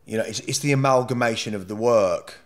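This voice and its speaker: A man's voice: lowish voice, a little fast. Blunt, swearing man telling his story. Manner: blunt and profane, emotional, rambling. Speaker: podcast guest. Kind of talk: candid interview storytelling.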